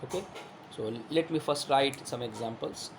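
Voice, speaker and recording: A man's voice: mid-range voice, moderate pace, creaky, a little hiss or hum. A male teacher giving a classroom lesson, who repeats himself, asks rhetorical questions and shows objects while explaining.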